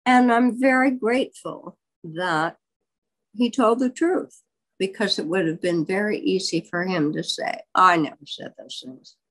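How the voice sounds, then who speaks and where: An older woman, a biographer, telling a long story in an interview in a candid, wry and animated way. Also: mid-range voice, unhurried, low-quality recording.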